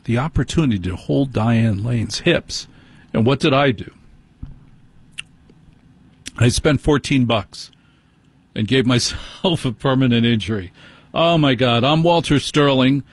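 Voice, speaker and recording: A man's voice: medium pitch, no echo. A man hosting a late-night radio call-in show from a studio microphone, telling stories in an exaggerated, self-mocking way.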